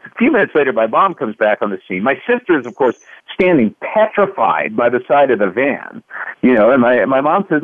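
A man's voice: mid-range voice, brisk, no echo. A man in his fifties from Kentucky, a guest author telling a family story in a radio interview and acting out the quoted lines. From Louisville, Kentucky, USA. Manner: animated storyteller, acts out quotes. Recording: dry, phone-like line.

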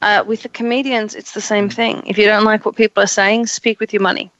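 A woman host with a croaky, hoarse voice, worn down from the flu. She talks in a sardonic, opinionated manner. The recording is dry and a little dull. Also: medium pitch, little pitch movement, brisk, fairly bright tone, no room sound. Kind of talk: casual chat.

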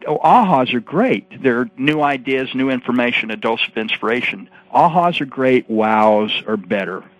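A man being interviewed as a guest author and coach, telling stories in an animated way and acting out the voices he quotes. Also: mid-range voice, normal speed, no room sound. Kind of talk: storytelling interview answers. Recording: muffled radio broadcast.

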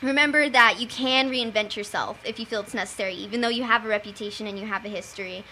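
A young adult woman chatting casually as a panelist, telling stories in an animated way. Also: mid-range voice, fast, a little hiss or hum. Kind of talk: casual chat.

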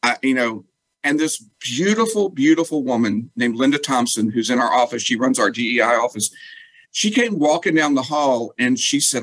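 Guy w husky voice, dry sound, tells his story w lots of quoted dialogue. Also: medium pitch, normal speed, no echo, poor audio. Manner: animated, acts out quoted dialogue. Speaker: guest. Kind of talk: casual storytelling.

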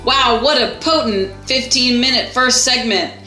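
Woman talk radio host, bright and effusive, roomy echoey sound. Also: a little high, unhurried, soft background music. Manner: enthusiastic, animated, chatty. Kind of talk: casual talk radio chat.

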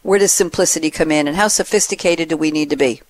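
Woman, panel host, chatty, playful asides, lowish voice. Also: quick pace, no echo. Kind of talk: panel discussion hosting.

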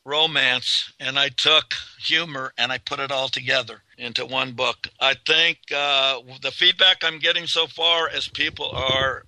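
Radio host guy reading his book out loud, gravelly, bright, dry close sound. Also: medium pitch, dry recording, rough recording. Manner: slow, steady reading with occasional restarts. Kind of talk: reading aloud from a romance novel, then casual sign-off.

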